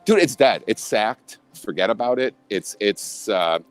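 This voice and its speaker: A man's voice: fairly low pitch, lively intonation, a little slow, clear, resonant tone, no room sound. A man from Illinois talking in a casual chat as a podcast guest, blunt and profane, with many restarts.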